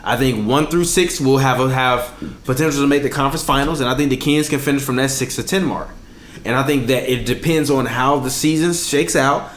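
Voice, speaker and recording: A man's voice: mid-range voice, fairly quick, a bit bright, echoey room. A man co-hosting a casual sports podcast, arguing his point hard, talking over his partner and stumbling on names. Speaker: podcast co-host.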